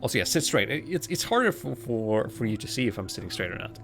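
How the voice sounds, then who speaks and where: A male streamer chats casually through a live game, laughing often and mocking his own attempts. His voice sits at an average pitch but jumps around with lively swings. Faint music plays behind him. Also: fast, creaky. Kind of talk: casual live gameplay commentary.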